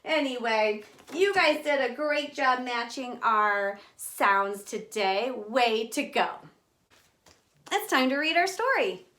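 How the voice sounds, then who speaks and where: Slow, animated woman reading to kids. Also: a little high. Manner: animated, expressive, speaks directly to kids. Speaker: children's storytime host. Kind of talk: reading a picture book aloud to young children.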